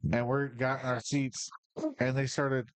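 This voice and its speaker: A man's voice: medium pitch, little pitch movement, a little slow, clean tone, no room sound. A man from Michigan telling rambling personal stories on a casual podcast, profane and fired up. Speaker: podcast host. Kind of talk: casual storytelling.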